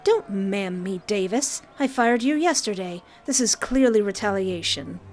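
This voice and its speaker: A woman's voice: medium pitch, expressive, measured pace, darkish tone, close to an everyday voice. A woman reading as a stern mine boss. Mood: indignant. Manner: curt and commanding.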